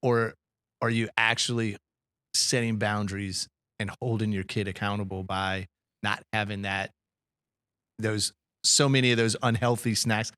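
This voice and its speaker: A middle-aged man co-hosting a podcast, talking in a rambling, halting way full of fillers. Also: fairly low pitch, fairly even intonation, a bit bright, smooth, no echo, clean studio sound. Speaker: podcast co-host. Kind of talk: casual podcast chat.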